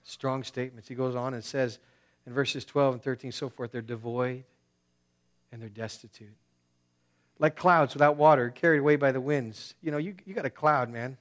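A male pastor delivers a sermon in an easygoing, conversational way. He leans on casual asides and slang. His volume rises in bursts and then drops to near quiet. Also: medium pitch, fairly even intonation, moderate pace.

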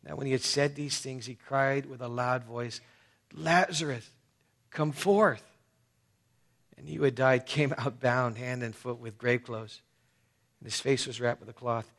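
A man preaching a sermon as a pastor. His voice drops low and hushed, then rises sharply when he stresses a point. He reads scripture aloud and explains it verse by verse. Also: level tone, normal speed. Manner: preaching through scripture, swinging between soft and loud.

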